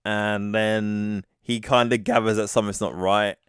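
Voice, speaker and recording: Deep-voiced man chatting about a film. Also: flat delivery, measured pace, fairly bright tone, clean tone, no echo, studio quality. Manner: retells scenes, acting out quoted lines. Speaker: podcast co-host. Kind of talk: casual film review chat.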